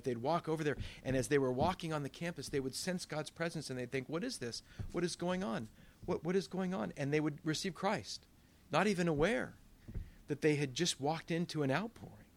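A man, a pastor, preaching a sermon in a conversational way, with asides and quick backtracks. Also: medium pitch.

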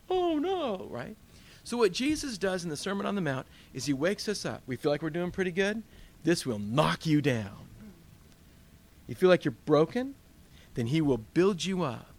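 Man, pastor type, leading a casual Bible study. Lively delivery with a voice a touch high, asks questions, acts out inner dialogue. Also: creaky. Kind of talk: conversational Bible teaching.

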